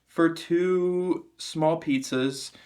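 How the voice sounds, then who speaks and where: A young woman hosting a casual podcast chat, joking and jumping in with quick remarks. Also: low-pitched, darkish tone. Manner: jokey, quick interjections. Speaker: podcast host.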